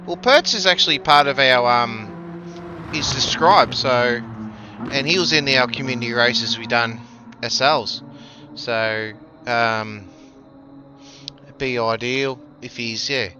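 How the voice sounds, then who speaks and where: Streaming a racing game, a man chats casually and slowly with his viewers in a medium-pitched voice. The audio is dull, with game music and car engines running underneath.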